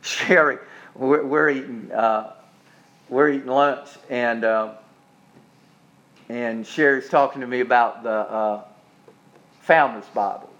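A man's voice: mid-range voice, takes it slowly, long pauses, a bit bright, lo-fi sound. A middle-aged male minister preaching in a homespun, conversational way, with folksy anecdotes and repeated phrases.

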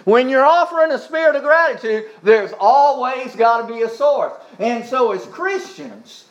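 A man's voice: very high voice, expressive, normal speed, dull audio. A man preaching a sermon in a church service, with emphatic repetition, Bible reading and a spoken prayer, asking the congregation to repeat after him. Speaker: pastor.

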